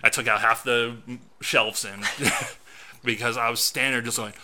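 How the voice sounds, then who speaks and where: Bright-voiced man telling a story. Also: mid-range voice, a little slow, a little hiss or hum. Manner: animated storytelling, acts out his own reactions. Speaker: podcast co-host and film critic. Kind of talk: casual podcast chat.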